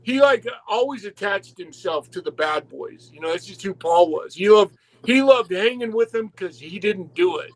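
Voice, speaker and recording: A man telling wrestling stories in casual chat, animated and swearing constantly. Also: sits high, moderate pace, hardly any pauses, rough recording. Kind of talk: casual profane storytelling.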